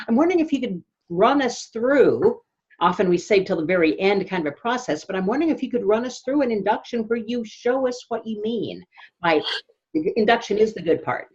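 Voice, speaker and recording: A woman host whose breathy voice comes through slightly dull, lo-fi call audio. She asks her questions in a warm, chatty way. Her tone stays relaxed and conversational. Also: mid-range voice. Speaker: podcast host. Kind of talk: casual interview on a call.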